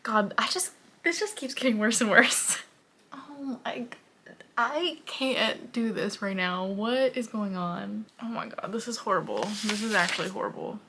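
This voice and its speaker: A woman's voice: mid-range voice, animated, measured pace, sharp tone, a little hiss or hum. A young woman talking through her reading in a casual vlog, emotional and often dropping to a whisper. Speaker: book vlogger.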